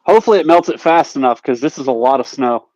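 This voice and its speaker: A man's voice: mid-range voice, expressive, fast talker, a little mellow, dry recording, dull audio. Easygoing man on a dry video call. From United States. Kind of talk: casual chat.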